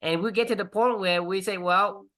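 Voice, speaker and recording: A man's voice: sits high, fairly quick, fairly bright tone. A man co-hosting a podcast over a video call, explaining his points earnestly and restarting sentences often. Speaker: podcast co-host. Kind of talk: casual chat.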